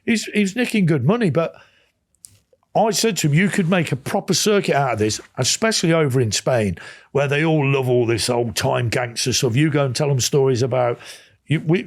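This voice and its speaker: A man's voice: mid-range voice, normal speed. Rambling English man telling stories. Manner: rambling anecdotes, many quoted exchanges, frequent restarts. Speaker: podcast guest. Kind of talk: casual storytelling interview.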